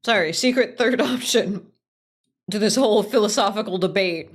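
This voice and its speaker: A woman streaming a game, chatting casually with lots of swearing, rambling asides and laughter. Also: mid-range voice. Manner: profane, rambling, quick to laugh. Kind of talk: casual let's-play chatter.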